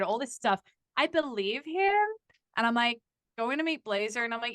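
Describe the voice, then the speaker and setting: A young woman with a voice on the high side tells a candid story as a podcast guest, speaking at a normal speed with no room sound. It's casual chat full of profanity, and she animates the people she quotes.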